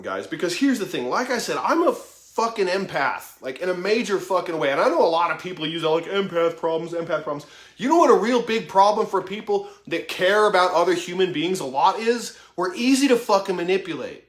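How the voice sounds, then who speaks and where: A man's voice: high-pitched, sing-song, a little fast, few pauses, echoey room. A man in his thirties giving an impassioned motivational monologue, swearing heavily in a raw, emphatic way. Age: 30s. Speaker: vlogger.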